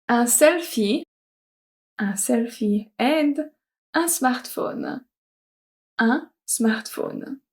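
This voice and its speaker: A woman with a French accent teaches vocabulary at an unhurried pace and pauses to repeat each word clearly. Her voice sits a bit high for a woman. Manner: slow, careful, repeats each word twice. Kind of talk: vocabulary lesson with repetition drills.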